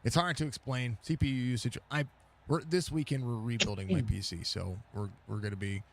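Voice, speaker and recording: A man's voice: medium pitch, steady tone, brisk, vocal fry. A man hosting post-race interviews in casual talk, laid-back and rambling, laughing often, on a headset mic. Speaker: race broadcast host.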